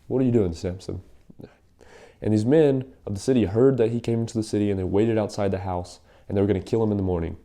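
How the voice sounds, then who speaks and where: A man's voice: on the low side, steady tone, fast talker, hardly any pauses, warm tone. A young man casually retelling a Bible story in a rambling, slangy way, with lots of fillers.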